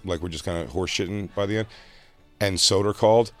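A man co-hosting a podcast, trading crude, animated jokes and laughing often in casual banter. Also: sits low, fast, soft background music. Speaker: podcast co-host.

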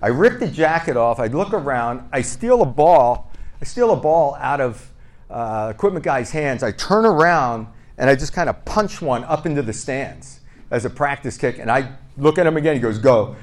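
A man's voice: medium pitch, normal speed. Man playfully retelling old stories. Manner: lively, re-enacts dialogue with "I go, he goes"; self-deprecating and playful. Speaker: podcast guest. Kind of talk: casual anecdotal storytelling.

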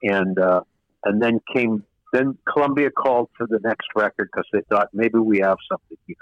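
Older male producer guest, low pitch, meandering anecdotes, muffled lo-fi broadcast. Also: moderate pace, no echo. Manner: rambling, many fillers and restarts. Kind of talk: casual interview storytelling. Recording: dull lo-fi radio sound.

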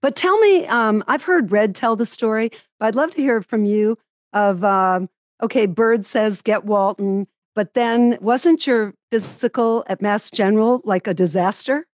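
A woman's voice: on the high side, unhurried. A woman interviewing a guest, prompting him with curious questions. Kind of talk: casual interview.

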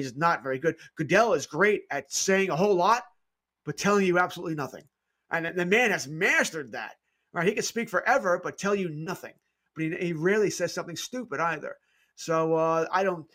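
A man's voice: fairly high pitch, fairly bright tone. A man co-hosting a sports radio show, giving blunt, emphatic opinions in casual talk.

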